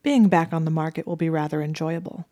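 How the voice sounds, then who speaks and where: A woman's voice: deep voice, fast, warm tone, dry recording, clean studio sound, lightly acted. A woman voicing a smug, leering young wizard man who drawls his lines blandly.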